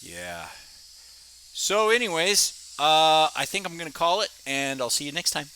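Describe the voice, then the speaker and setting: A man's voice: a little high, sing-song, a little slow, bright, forceful tone, a little hiss or hum, poor audio. An American man, a glass artist, chatting in a folksy, easygoing way as he talks through his work in a home studio. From United States. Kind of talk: casual vlog talk while working.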